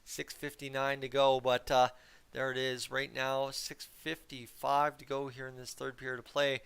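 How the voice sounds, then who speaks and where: A man's voice: medium pitch, completely flat delivery, normal speed, vocal fry, clean tone. A young Canadian man from Alberta with a nasal voice, doing chatty live play-by-play of a hockey game and talking with his stream chat. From Cold Lake, Alberta, Canada. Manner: rambling, chatty, gets loud on shots.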